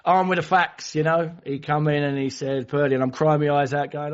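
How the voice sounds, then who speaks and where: At a twelve-step meeting held over an online call, a man shares his own addiction and recovery story, candid and self-mocking, restarting often. His voice is a little high and steady, he talks a little fast, and the sound is lo-fi.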